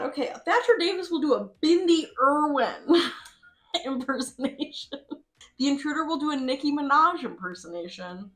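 A woman's voice: high-pitched, fairly bright tone. A woman giving casual, chatty commentary over a game, laughing often and swearing freely. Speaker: host.

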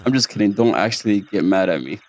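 A man's voice: on the low side, animated, quick pace, soft background music. A young man hosting a let's play, commenting on a story game with joking, slangy reactions. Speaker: gaming video host.

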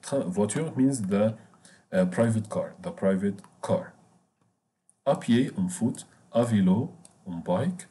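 Guy teaching french in english, deep mellow voice, repeats words a lot. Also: expressive, slow. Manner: explains French words in English, repeats key phrases, hesitant fillers. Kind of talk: bilingual language lesson.

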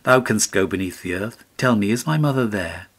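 A man's voice: lowish voice, lively intonation, normal speed. A man voicing a ragged remorseful boy who pleads in sorrow, in a read storybook. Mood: pleading.

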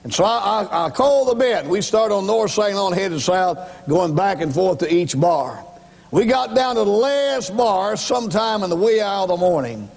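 A man's voice: high-pitched, lively intonation, moderate pace, gravelly, a little mellow, long reverb tail. A man preaching his testimony as an evangelist, telling his story dramatically and speaking straight to the congregation. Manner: dramatic storytelling, acts out voices; emphatic, addresses congregation directly. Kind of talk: sermon testimony.

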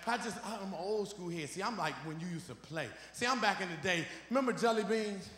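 A man doing stand-up comedy, loud and animated, breaking into song and freestyle rhymes. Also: high voice, brisk. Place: large comedy venue stage. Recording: echoey live hall with music and crowd. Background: audience laughter and music.

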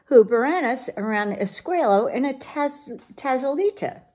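A woman voicing a big, swaggering male chihuahua in a storybook read-aloud, loud and laid-back with a put-on Spanish accent. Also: high voice, expressive, normal speed, voice pushed up. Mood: urgent.

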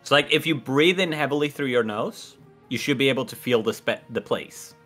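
A friend on a stream chatting casually, explaining things in a soft, trailing way. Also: medium pitch, fairly quick, soft background music. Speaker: streamer friend playing along.

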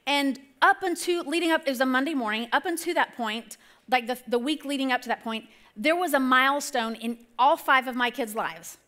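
A woman in her forties telling an animated, rambling personal story in a sermon, often correcting herself. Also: high-pitched, fairly quick. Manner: animated, rambling, self-correcting, acts out quotes. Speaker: church speaker.

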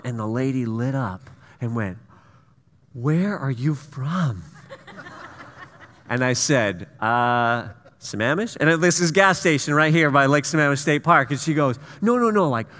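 A man's voice: mid-range voice, bright, forceful tone. A man from the US Pacific Northwest preaching a sermon in a church, telling stories with easy, self-deprecating humor. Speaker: pastor. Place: church sanctuary. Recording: church hall reverb.

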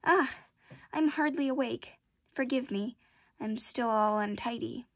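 A sweet-voiced, preening flower with a higher, lighter lilt, read out by a woman. She speaks coyly and with affected delicacy, fussing over her own comfort. Her lines are close and dry, with no room sound around them. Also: unhurried, no room sound. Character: vain delicate female flower, fussy and proud.

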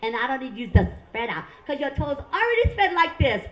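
A woman's voice: high-pitched, very animated, fast, reverberant. Woman putting on a pushy Vietnamese-accented nail salon lady. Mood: pushy cheerful. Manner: broken English, sing-song, cheerfully pushy. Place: comedy club stage.

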